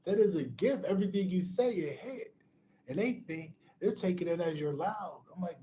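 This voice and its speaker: A man with a high, animated voice and a dark tone speaks at normal speed over slight background noise. He's a spiritual motivational speaker giving a casual pep talk, emphatic and repetitive, calling the listener "bro," restarting phrases and laughing between points.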